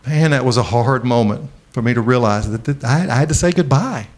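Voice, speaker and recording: A middle-aged man speaks to a conference audience in a heartfelt storytelling manner. He often slows and softens when the story turns emotional, then builds up again as he makes his point. His voice sits at an ordinary pitch for a man. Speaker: keynote speaker. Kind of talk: conference keynote speech. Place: large conference venue.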